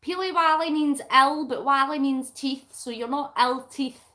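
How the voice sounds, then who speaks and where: A middle-aged Scottish woman runs a casual crafting livestream, chatting, giggling, and reading viewer comments aloud. Her voice sits high and bright with a forceful tone, and her pace is a little slow.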